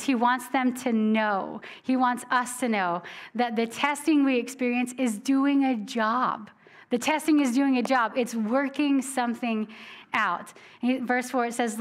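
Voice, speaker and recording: A woman with a high, bright-toned voice delivers a sermon in church. She talks in a loose, conversational way, animated and quick to laugh, and slows down to read scripture. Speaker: preacher.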